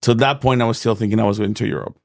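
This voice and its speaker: A Mexican man with a Mexican accent, a stand-up comedian guest telling animated stories in a casual podcast interview, acting out dialogue and swearing freely. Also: on the low side, very fast, vocal fry, no echo, studio quality. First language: Spanish.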